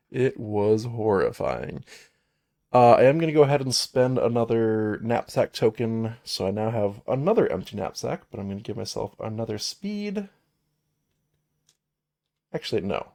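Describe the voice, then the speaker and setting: A man's voice: mid-range voice, creaky, a little mellow. A man streaming a solo tabletop game, chatting casually and reading game cards aloud. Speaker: solo game player and narrator. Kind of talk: casual live-stream play-through.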